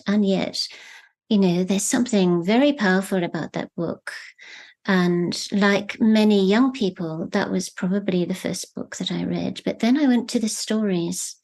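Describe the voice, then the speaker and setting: Thoughtful woman novelist, low-pitched. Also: darkish tone. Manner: thoughtful, measured, searching for words. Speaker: novelist guest. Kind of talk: reflective interview conversation.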